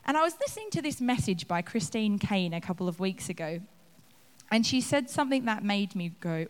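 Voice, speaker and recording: A woman's voice: mid-range voice, very animated, fairly quick. A woman giving a conversational sermon, acting out the scenes she describes. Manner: conversational, acts out scenes with laughs. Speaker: preacher. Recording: long reverb of a hall.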